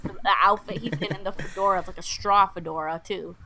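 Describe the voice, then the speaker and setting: A woman's voice: medium pitch, vocal fry. A young woman co-hosting a podcast, casually and animatedly retelling a film plot and acting out the characters' lines. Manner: animated, acts out characters' lines in quick put-on voices. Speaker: podcast co-host.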